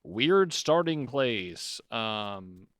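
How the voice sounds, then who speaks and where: A man co-hosting a podcast, trading jokes and laughing easily in a loose, comic chat. His pitch leaps all over the place as he talks. The sound is dry and close, with no room around it. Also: very animated, drawn-out words, fairly bright tone, clear, resonant tone, dry recording. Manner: joking, playful, laughs often. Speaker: podcast co-host. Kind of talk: casual comedic chat.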